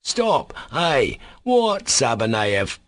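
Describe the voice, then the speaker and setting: A man's voice: medium pitch, big pitch swings, no echo, pitched above the performer's own voice. A man doing a furious, dim young clerk. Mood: angry. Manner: slow, drawn-out, repetitive shouting. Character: angry dim-witted young clerk, loutish and repetitive.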